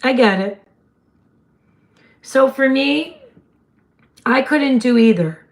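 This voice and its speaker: A woman, hosting a casual livestream chat in a slightly hoarse voice and laughing often. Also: high-pitched, takes it slowly. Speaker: livestream host.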